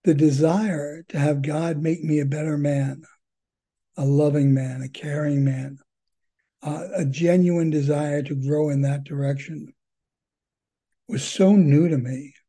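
A man's voice: a little high, steady tone, a little slow, dark tone. An older man telling his story at a recovery meeting, earnest and rambling, with many fillers and repeated words. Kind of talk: personal testimony.

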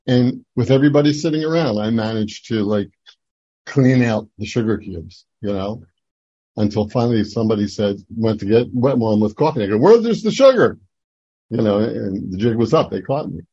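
An older man from New Jersey giving a personal testimony at a recovery meeting, rambling and halting with many fillers and restarts. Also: on the low side, dark tone, breathy edge, no echo, highs cut off. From Atlantic City, New Jersey.

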